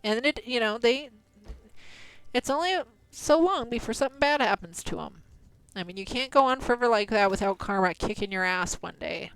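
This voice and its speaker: A woman's voice: fairly high pitch, lively intonation, normal speed, a bit bright, clean tone, poor audio. A woman streaming a game live, chatting casually and venting about scammers between laughs. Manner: chatty, exasperated ranting with frequent laughs.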